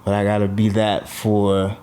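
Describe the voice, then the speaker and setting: A man's voice: fairly low pitch, completely flat delivery, unhurried, dark tone, slight background noise. A male comedian with a New York accent, chatting casually as a guest and telling blunt stories about his life, laughing as he talks. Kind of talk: casual chat.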